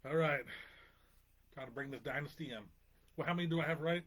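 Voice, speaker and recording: A man with a slightly high, husky voice plays along as a quiz contestant. He thinks out loud and jokes at his own expense in relaxed banter. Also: fast. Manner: playful, self-deprecating, thinks aloud. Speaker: podcast co-host, quiz contestant. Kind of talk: casual banter.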